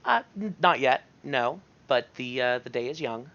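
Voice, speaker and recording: A man's voice: medium pitch, lively intonation, moderate pace, pushed and bright, muffled recording. A man playing a character in a tabletop game, shifting into formal, courtly in-character speech. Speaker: player.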